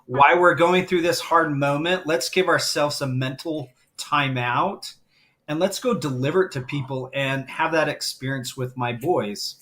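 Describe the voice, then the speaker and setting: A man's voice: on the high side, measured pace, a bit bright. A middle-aged man speaking as a guest on a live stream, telling a heartfelt story and getting emotional as he talks. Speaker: guest, grief coach.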